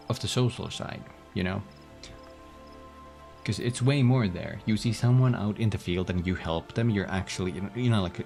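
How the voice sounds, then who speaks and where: A man's voice: fairly low pitch, vocal fry, warm tone. A man streaming a game, chatting casually and playfully with viewers. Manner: rambling, playful, hums and yawns. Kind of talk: casual gameplay chat.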